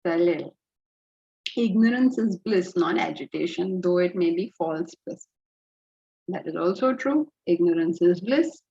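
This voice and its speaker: A woman with an Indian accent teaching a spiritual lecture, telling stories with lively energy and dropping into Hindi phrases. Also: fairly low pitch, unhurried, vocal fry. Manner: animated storytelling, slips into Hindi phrases. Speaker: Vedanta teacher. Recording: dull lo-fi audio.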